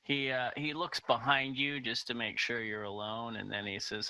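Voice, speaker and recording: A man running a tabletop game as game master, narrating slowly with many pauses and fillers. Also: medium pitch, little pitch movement, pushed and bright, clear, resonant tone, rough recording.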